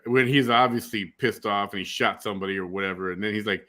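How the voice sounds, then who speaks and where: A man's voice: fairly low pitch, steady tone, fairly quick, sharp tone. A man hosting a reaction video, with sarcastic, scoffing commentary. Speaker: host reacting to a clip.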